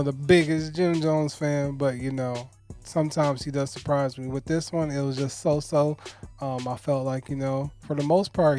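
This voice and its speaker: A man's voice: mid-range voice, dark tone. A man co-hosting a podcast, giving a casual album review in a rambling way, full of "you know" and "um". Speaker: podcast co-host.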